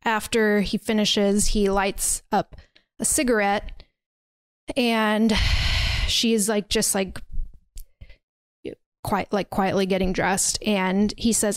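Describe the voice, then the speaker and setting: A woman's voice: medium pitch, level tone, takes it slowly, long pauses, clean tone, no room sound. A woman co-hosting a podcast, telling a long story in loose casual chat. She leans on fillers and restarts as she goes. Her voice sits mid-range and sounds dry and close, with no room around it. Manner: rambling, filler-heavy storytelling with lots of "like" and "um". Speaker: podcast co-host. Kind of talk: casual chat recapping a horror film. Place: podcast recording setup.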